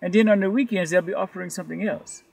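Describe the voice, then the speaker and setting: Weary Nigerian man behind the wheel, high and tired, done by a man as an impression. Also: quick pace, creaky, darkish tone, slightly rough, exaggerated voice. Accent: Nigerian (imitated). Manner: weary, earnest. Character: tired Nigerian male rideshare driver.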